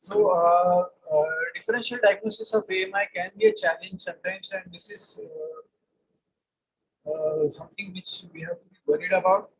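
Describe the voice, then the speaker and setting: A man's voice: high-pitched, fairly even intonation, moderate pace, husky, low-quality recording. Hesitant man lecturing over a video call. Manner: hesitant, many filler sounds. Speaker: medical lecturer. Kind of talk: online medical lecture. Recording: patchy video call audio with faint room noise.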